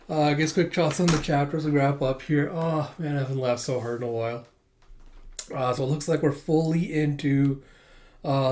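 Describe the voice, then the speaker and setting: A man's voice: on the high side, a little mellow. Chatty man recapping a comic chapter. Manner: chatty, laughs often, many fillers. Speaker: manga reviewer.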